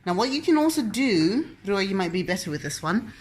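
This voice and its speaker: Playful mum host, mock-grand commentary, bouncy lively pitch. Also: female voice, brisk, a little hiss or hum. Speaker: parent and host. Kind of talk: casual chat while crafting with a child.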